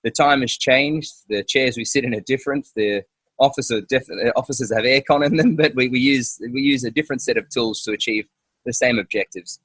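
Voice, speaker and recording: A man's voice: medium pitch, brisk, a bit bright, slightly rough, no echo. A man hosting a casual interview outdoors, talking hesitantly with many fillers and restarts. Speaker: podcast host.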